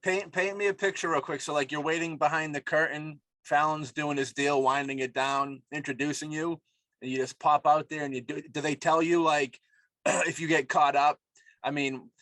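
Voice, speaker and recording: A man hosting a podcast, asking casual, relaxed questions. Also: fairly high pitch, moderate pace, dry recording, rough recording. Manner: relaxed, brief backchannel replies. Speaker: podcast host. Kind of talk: casual interview.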